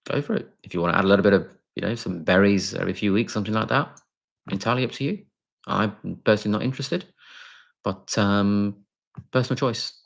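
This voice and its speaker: A man's voice: fairly low pitch, quick pace, vocal fry. A man, a doctor, casually answering viewers' chat questions on a live stream, talking with many fillers and restarts.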